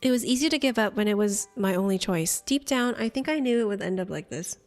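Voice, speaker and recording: A woman's voice: medium pitch, animated, a little fast, a little mellow, faint music behind, close to an everyday voice. Woman reading as a remorseful young man. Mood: sorrowful. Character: remorseful young man, guilt-ridden and lonely. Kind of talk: reading game dialogue aloud.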